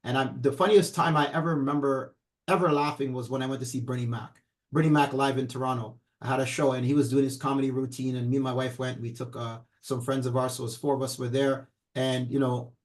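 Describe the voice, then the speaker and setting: A man's voice: mid-range voice, level tone, fast talker. A middle-aged man co-hosting a casual talk show, rambling on with many fillers. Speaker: podcast co-host. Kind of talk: casual chat.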